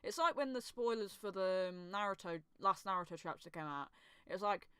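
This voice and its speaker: Smooth-voiced woman, swearing freely. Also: mid-range voice, expressive, brisk, pushed and bright, dry recording. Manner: swears freely, laughs often, reads lines aloud. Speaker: manga reaction youtuber. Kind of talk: casual reaction commentary.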